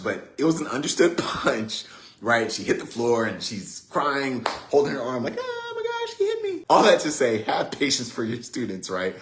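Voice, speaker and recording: A man hosts a relaxed motivational livestream in a lowish voice, chatting loosely and tossing in fillers. His voice echoes around a roomy space. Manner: relaxed, conversational, many fillers like 'right?'. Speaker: host. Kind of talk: casual motivational talk on a livestream. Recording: roomy echo.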